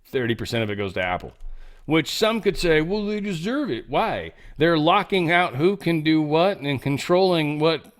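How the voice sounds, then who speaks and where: A man hosting an online show, commenting on the news in a chatty way with joking asides and frequent fillers. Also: mid-range voice. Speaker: show host.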